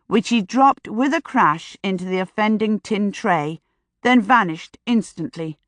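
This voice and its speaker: A woman narrates a suspense novel in measured, wry first person. Her voice sits mid-range for a woman. The sound is close and dry, with no room around it. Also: mid-range voice, no room sound. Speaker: audiobook narrator.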